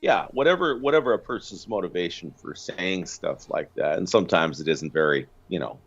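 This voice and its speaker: A man's voice: sits low, expressive, fairly quick, fairly bright tone, slightly rough, dull audio. A man calling in to a show, musing in a thoughtful, hesitant way over a choppy line. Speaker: caller. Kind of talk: casual call-in chat.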